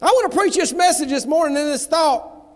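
A man from the American South preaching a fiery revival sermon in a folksy manner, swinging between shouts and hushed asides, in a church. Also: very high voice, animated, brisk. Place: church sanctuary. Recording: long reverb of a large hall.

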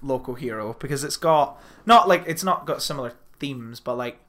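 A man co-hosting a podcast, rambling excitedly in casual chat and swearing now and then. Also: medium pitch, moderate pace. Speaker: podcast co-host.

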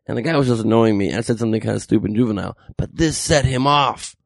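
Male comedian recounting a story; gravelly, lively, dry studio sound. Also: fairly low pitch, quick pace, no room sound. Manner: animated, acts out quoted voices. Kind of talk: casual storytelling.

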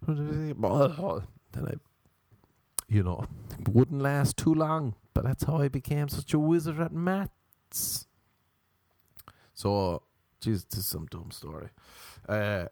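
A man's voice: medium pitch, darkish tone, no echo. An Irish man and actor telling a rambling, self-deprecating story in a casual monologue. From Ireland.

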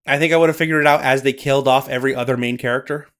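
A man's voice: medium pitch, steady tone, racing, a bit bright. A man hosting a podcast, chatting casually and agreeably about a film. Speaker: podcast host.

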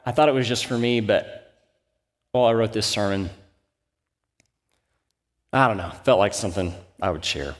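A man's voice: on the low side, moderate pace, long pauses, big-room sound. A man in his thirties, a pastor, preaching a sermon as a candid, self-deprecating personal story.

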